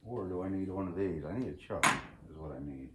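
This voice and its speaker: Low-voiced man in an echoey garage. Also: quick pace. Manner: relaxed, talking to himself while working with tools. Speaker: channel host. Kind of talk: casual DIY workshop vlog. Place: cold home garage, indoors. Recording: roomy garage echo, faint noise.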